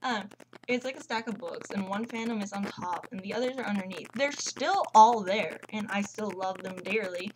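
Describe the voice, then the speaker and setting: A teenage girl chats casually from home, rambling and gushing like an excited fangirl. Her voice sits at a middling pitch, with a faint hiss of noise behind it. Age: teens. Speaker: vlogger. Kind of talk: casual chat.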